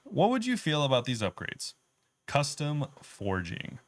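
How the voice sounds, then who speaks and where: A man's voice: fairly high pitch, huge pitch swings, a little slow, dry recording. A man co-hosting a casual gaming podcast, explaining game updates in an easygoing, detailed way. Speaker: podcast co-host.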